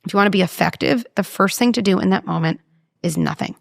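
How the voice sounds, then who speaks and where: A woman talking as a parenting psychologist in an interview, animated and explaining with vivid examples. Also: mid-range voice, fast, gravelly, dry recording, studio quality. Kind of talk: conversational interview.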